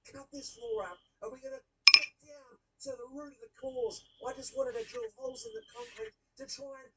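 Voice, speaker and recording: A woman working as a leak-detection tradesperson, chatting excitably through an on-the-job video and calling her viewers mate. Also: high-pitched, a little fast, distant mic, slight background noise, poor audio. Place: indoors under a shopping centre building.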